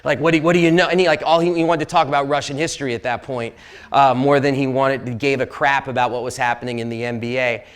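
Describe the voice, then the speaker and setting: A man's voice: medium pitch, steady tone, quick pace, smooth. A man tells stories to a live audience in a university lecture hall. His delivery is loose and conversational, full of fillers, restarts and asides. He jokes with the crowd as he goes along. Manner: rambling, jokey, with many fillers and restarts. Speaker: sportswriter giving a public talk. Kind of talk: casual storytelling talk to an audience.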